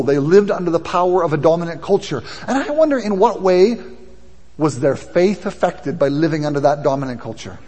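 A man's voice: a little high, warm tone. A man preaching a sermon in a conversational way that builds in intensity. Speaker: pastor. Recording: long hall reverb.

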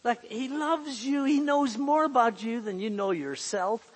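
A man's voice: very high-pitched, animated, a little slow, breathy edge. A man preaching a sermon in an earnest way, repeating key phrases for emphasis. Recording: long hall reverb.

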